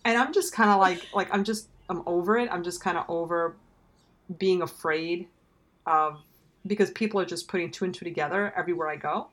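A woman's voice: lowish voice, fairly quick, a bit bright. A woman telling a story in casual conversation, wry and trailing off, acting out the lines of others. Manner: wry, trails off, acts out quoted dialogue.

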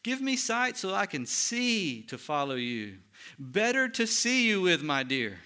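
A man preaching a sermon, voicing a desperate blind beggar who cries out for mercy in a high, loud voice. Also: very animated, a little slow, smooth, heavily acted. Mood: pleading.

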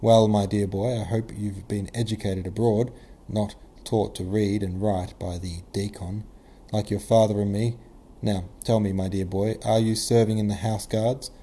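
A man voicing a gruff, imperious old male prince in a novel reading, blunt and commanding. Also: on the low side, little pitch movement, normal speed, warm tone. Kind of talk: audiobook character reading.

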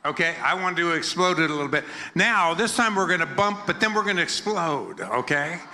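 Bright-voiced American preacher, joking with the crowd. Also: male voice, fairly high pitch, sing-song, fairly quick. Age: older. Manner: joking, playful, leads the crowd in chants. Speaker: guest preacher. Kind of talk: energetic sermon with crowd call-and-response. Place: church hall with a congregation.

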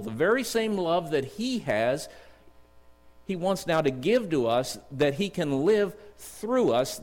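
A middle-aged man preaching a sermon in a church, earnest and storytelling, slowing down to read scripture. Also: fairly high pitch, darkish tone. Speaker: district superintendent preaching. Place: church sanctuary. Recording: long church reverb.

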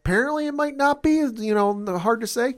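A man's voice: very high-pitched, brisk. Man rambling through a sports recap. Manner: rambling, filler-heavy, enthusiastic recap. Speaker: podcast host. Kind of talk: casual sports and gaming chat.

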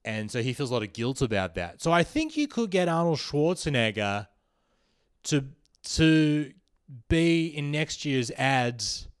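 A young man hosting a comedy podcast, riffing through a satirical monologue with rambling restarts and sudden loud bursts of emphasis. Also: medium pitch.

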